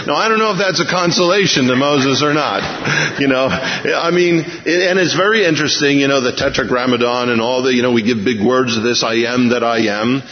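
Heard over a lo-fi radio broadcast with long reverb and a little hiss or hum, a pastor preaches a verse-by-verse sermon at normal speed. His medium-pitched voice retells scripture folksily, with chuckles along the way.

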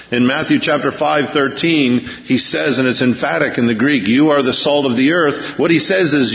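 A mid-pitched male pastor delivers an emphatic sermon, slowing down for scripture and pushing hard on his main points. His voice rings with a long hall reverb. The recording is muffled and lo-fi.

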